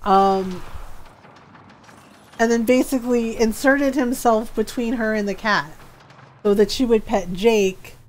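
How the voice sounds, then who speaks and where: A woman hosting a gaming livestream, chatting casually and telling a story in an animated way with frequent laughs. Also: a little high, takes it slowly, long pauses, a little hiss or hum. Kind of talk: casual chat.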